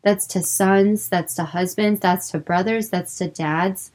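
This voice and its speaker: A woman's voice: lowish voice, steady tone, unhurried, darkish tone. Earnest woman sharing her faith. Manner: earnest, heartfelt, with many filler words. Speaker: Christian speaker. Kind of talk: personal faith talk.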